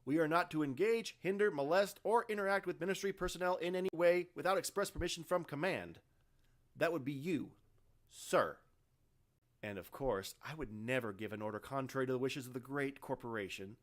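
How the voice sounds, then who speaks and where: A man's voice: on the high side, animated, a little fast, voice pushed up, lightly acted. A man voicing a scarred, defiant space marine sergeant who talks with clipped sarcasm. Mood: sarcastic.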